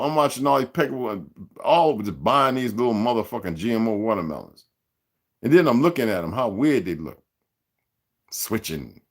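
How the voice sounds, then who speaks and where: A man in his sixties hosting a livestream, speaking in a rambling, profane, streetwise rant aimed straight at his viewers and chat. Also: medium pitch. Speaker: livestream host.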